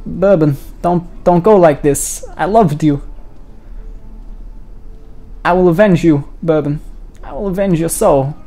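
Crude joking Australian young gamer. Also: male voice, a little high, slow, pauses often, dark tone, faint music behind. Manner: crude, jokey banter with bursts of fake panic. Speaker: let's-play gamer. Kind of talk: joking gameplay commentary.

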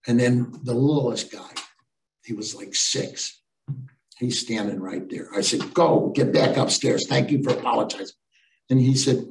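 A man's voice: medium pitch, normal speed, creaky, distant mic. Older man telling stories, roomy echo. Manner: animated, acts out voices in stories. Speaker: storytelling speaker. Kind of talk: motivational storytelling talk.

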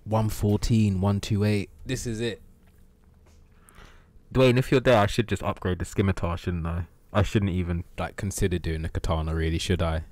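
A man's voice: low voice, steady tone, moderate pace, darkish tone, no room sound. A man streaming a video game live, rambling and swearing as he jokes with his chat. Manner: rambling, profane, joking banter with chat. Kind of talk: live gameplay commentary.

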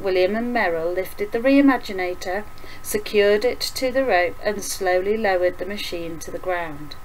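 A woman teacher reading a children's novel aloud in a calm, steady storytelling manner. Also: medium pitch, a little hiss or hum, rough recording.

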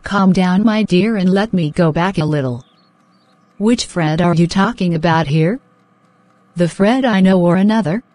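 A woman voicing a stern, caring middle-aged mother in an animated drama, firm and lecturing. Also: lowish voice, measured pace, dry recording, close to an everyday voice. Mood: calm questioning.

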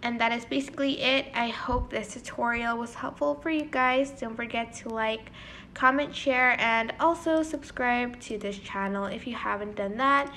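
A chatty woman with a fairly high voice walks viewers through an app tutorial. She talks casually and catches her own slips with a quick apology. A faint hum sits behind her. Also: sharp tone. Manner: chatty, corrects herself with quick "sorry"s. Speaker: tutorial channel host.

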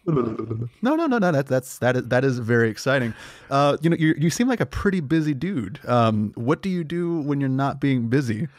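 A young man hosting a comedy podcast, spinning absurd adventures and a fake interview in a deadpan, rambling manner. His voice sits at a middle pitch. The recording is close and dry. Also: brisk, dry recording. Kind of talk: absurd improvised narration and mock interview.

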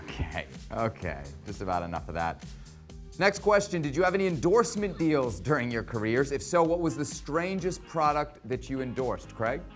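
A man hosting a sports talk show, moving briskly through questions and teasing his guests. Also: mid-range voice, very animated, soft background music. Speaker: host.

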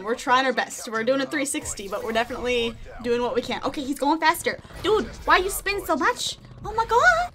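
A young gaming YouTuber chats and giggles through a video game, speaking sweetly to her pet snake as casual commentary. Her voice is high with a fairly bright tone.

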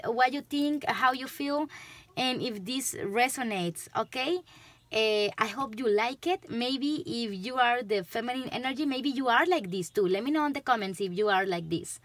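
Speaking to camera with a Spanish accent, a woman does a tarot reading, chatting loosely, giggling and laughing a lot. Her voice is a little high and fairly bright, with no echo.

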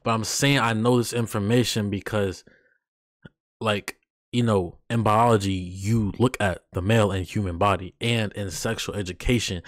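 A young man hosting a reaction video, talking in an excitable, rambling way with drawn-out phrasing. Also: on the low side, no room sound, clean studio sound. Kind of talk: casual reaction commentary.

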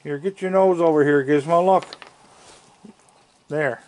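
Fairly high in pitch and a little mellow, this man's voice comes from his deck, where he films on a handheld camera. He chats casually to the raccoons he feeds, slow and gravelly and full of fondness.

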